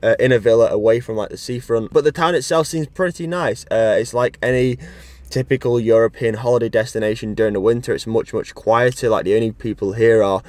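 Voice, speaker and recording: A man's voice: medium pitch, steady tone, brisk, darkish tone, dry recording. A young man from Ireland, a cycling vlogger chatting casually to camera, partly while out riding on the road. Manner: chatty, talks while riding and catching breath. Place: outdoors on the road.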